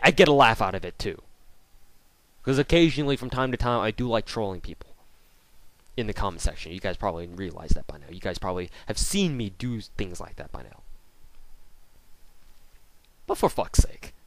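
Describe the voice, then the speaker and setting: A man's voice: mid-range voice, dry recording. A young man ranting angrily and sarcastically at his commenters, swearing often in a casual vlog commentary. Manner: angry, profane, sarcastic ranting. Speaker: YouTuber. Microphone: off-camera voice recording.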